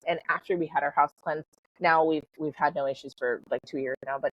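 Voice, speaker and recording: A deep-voiced middle-aged woman talks a little fast, her intonation fairly even, while sharing a personal story on a podcast. The guest, a spiritual coach, keeps things casual, leaning on "like" and "you know" and laughing easily, over slightly dull lo-fi audio.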